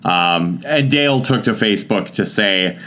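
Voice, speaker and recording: Sarcastic low-voiced male podcast co-host. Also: lively intonation, a little slow, sharp tone. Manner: sarcastic, jokey, with swearing and filler uhs. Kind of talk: casual banter podcast.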